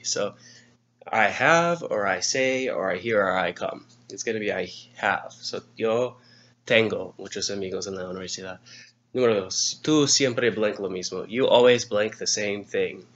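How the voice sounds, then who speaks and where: A Spanish teacher with a lowish, slightly bright voice leads a grammar review lesson, explaining patiently and spelling words out letter by letter. The recording is dull and lo-fi.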